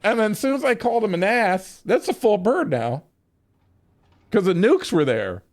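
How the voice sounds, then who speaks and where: A man's voice: high voice, sing-song, moderate pace. A middle-aged man telling a long, profane, rambling story while streaming a game, laughing often.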